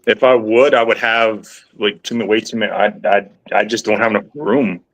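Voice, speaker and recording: Low-voiced guy rambling on a stream, jokey, lots of ums. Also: fairly even intonation, a little fast, muffled recording. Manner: rambling, playful, hesitant. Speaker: guest. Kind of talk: casual chat on a livestream.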